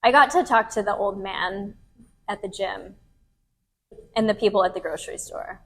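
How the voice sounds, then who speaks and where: A woman's voice: medium pitch, moderate pace, fairly bright tone. A woman in her thirties, a podcast host telling a candid personal story to a live group in a casual, frank way. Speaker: podcast host and retreat leader.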